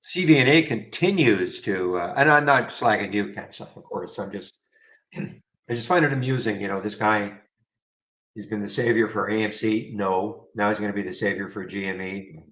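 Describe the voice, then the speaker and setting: A man's voice: lowish voice, moderate pace, fairly bright tone, rough recording. Wry man hosting trading stream. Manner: rambling, wry, talks to chat viewers. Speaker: trading room host. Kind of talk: live market commentary.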